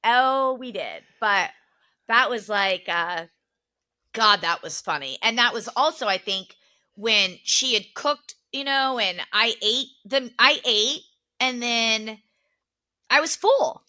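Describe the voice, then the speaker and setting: A young woman co-hosting a podcast, telling family stories in a casual, animated way, laughing often and acting out what relatives said. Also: on the high side, slow pace. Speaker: podcast co-host. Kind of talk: casual chat, storytelling.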